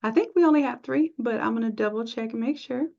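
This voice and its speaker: A woman teaching a live software design class, chatty and encouraging, thinking aloud as she works. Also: a little high, fast talker, gravelly. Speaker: design instructor. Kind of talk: live screen-share tutorial. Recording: dull lo-fi stream audio.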